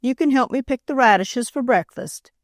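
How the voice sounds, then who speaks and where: A woman's voice: high voice, normal speed, dry recording, clean studio sound, pitched above the performer's own voice, natural voice. A woman doing a folksy kindly maid. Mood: friendly. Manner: folksy, homely turns of speech. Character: kind-hearted folksy older housemaid.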